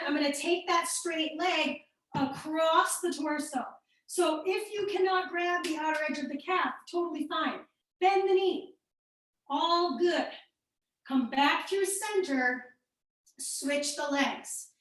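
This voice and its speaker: A young woman with a Midwestern accent teaches a workout class, her high voice bright and encouraging as she counts down and calls out names. She sounds far from the mic in a very echoey room. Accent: American Midwestern. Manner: upbeat, cueing and encouraging class members by name. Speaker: fitness instructor. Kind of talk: live workout class instruction.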